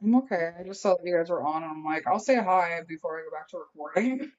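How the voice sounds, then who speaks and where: A woman telling a workplace story in a casual podcast chat, animated and acting out what people said. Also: fairly low pitch, fast talker, lo-fi sound. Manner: animated, acts out quotes while telling a story. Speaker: guest friend.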